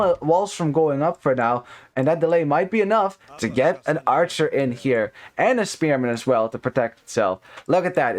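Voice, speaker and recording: A man casting a strategy game live, chatty with many fillers, greeting chat viewers between plays. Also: mid-range voice. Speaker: esports caster.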